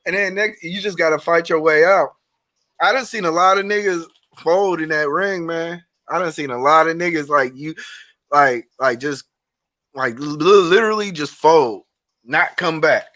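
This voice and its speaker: High, bright-voiced man chatting. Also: moderate pace. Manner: laid-back, laughing, profane. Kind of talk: casual chat.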